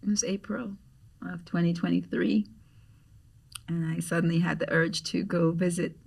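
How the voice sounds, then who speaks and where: A middle-aged woman from Grenada with a Grenadian accent, a podcast guest telling a story in an animated way and acting out the voices she quotes. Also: fairly low pitch, moderate pace, creaky, slightly rough, distant mic. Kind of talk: storytelling in conversation.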